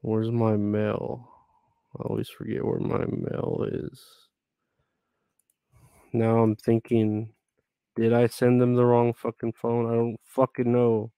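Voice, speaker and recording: A man's voice: medium pitch, completely flat delivery, takes it slowly, pauses often, dark tone, clear, resonant tone, dry recording. A man chatting casually with viewers on a live stream, rambling, grumbling and swearing a lot.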